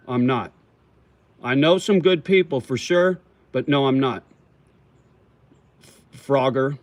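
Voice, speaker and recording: A man's voice: mid-range voice, no room sound. A man hosting a casual livestream, answering viewer comments in a profane, slangy way and calling people homie and brother while he chews tobacco. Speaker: livestream host.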